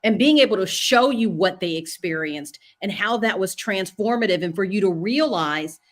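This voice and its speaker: A woman's voice: mid-range voice, expressive, normal speed. A woman hosting an interview, asking long, reflective follow-up questions and murmuring along attentively. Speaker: host.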